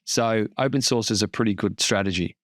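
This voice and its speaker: A man's voice: fairly low pitch, fairly quick, no echo, clean studio sound. A man hosting a casual tech explainer, plain-spoken and lightly joking as he walks through tools. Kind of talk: casual tutorial narration.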